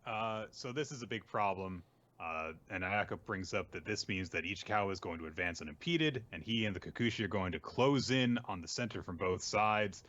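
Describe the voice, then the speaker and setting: Laid-back low-voiced male podcast host. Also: a little fast, dull audio. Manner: relaxed, laughs often, filler uh and like. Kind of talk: casual chat recapping manga.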